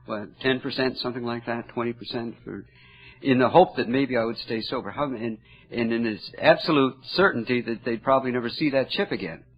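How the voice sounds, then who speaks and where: An older man speaking earnestly at a recovery meeting, telling a personal story in a halting, heartfelt way. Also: medium pitch. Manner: earnest, halting, emotional at moments. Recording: dull lo-fi recording.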